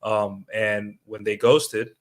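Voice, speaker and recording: A man's voice: fairly low pitch, little pitch movement, slow. A young man giving casual livestream commentary, talking to his viewers with lots of fillers and tag questions. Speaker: streamer.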